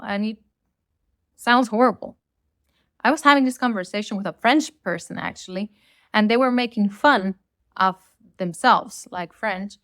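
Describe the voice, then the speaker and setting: A woman's voice: mid-range voice, a bit bright, no room sound. Blunt Latina woman ranting, dry sound. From Latin America. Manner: blunt, opinionated ranting with casual swearing. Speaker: podcast host. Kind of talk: solo rant podcast.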